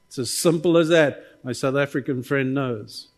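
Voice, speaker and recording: A middle-aged male pastor preaching a lively sermon, calling out to the congregation for amens and responses. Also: mid-range voice, moderate pace.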